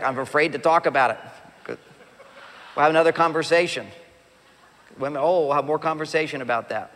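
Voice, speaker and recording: A middle-aged man giving an animated, joking talk about relationships to a live audience, acting out quoted voices. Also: high-pitched. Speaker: relationship speaker. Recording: long hall reverb.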